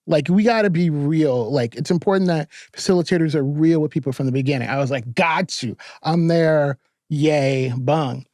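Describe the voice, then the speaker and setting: Animated man telling stories, dry close sound. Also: fairly high pitch, moderate pace, dry recording. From New York. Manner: animated, profane storytelling with frequent laughter. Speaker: podcast guest, therapist and filmmaker. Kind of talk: casual storytelling interview.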